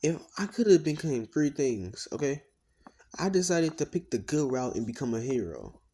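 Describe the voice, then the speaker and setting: A man narrates a fan-made story in a loose, casual way at an ordinary middle pitch. He rambles, drops slang and swears, and breaks off for asides. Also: sing-song, normal speed, mellow, a little hiss or hum.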